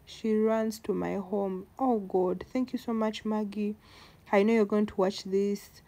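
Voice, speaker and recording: A woman's voice: medium pitch, fairly even intonation, a little slow, warm tone. A woman, talking to the camera in a casual vlog, heartfelt and emotional, repeating words for emphasis. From Uganda. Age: 20s. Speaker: vlogger.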